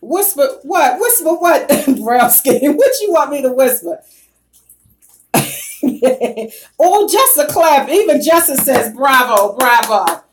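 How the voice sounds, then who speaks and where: A woman chatting with her live-stream viewers in a blunt, profane rant. Her voice sits a little high and swoops up and down with lots of expression. She breaks into loud laughter often. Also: expressive, slow pace. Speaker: YouTuber reading live chat.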